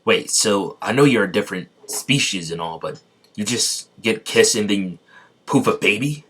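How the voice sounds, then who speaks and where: A stoic ninja warlord with a low-pitched male voice, as a man puts him on while telling a fan story. The lines come out plain and read-aloud rather than dramatized, in the manner of an amateur storyteller. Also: expressive, normal speed, fairly bright tone.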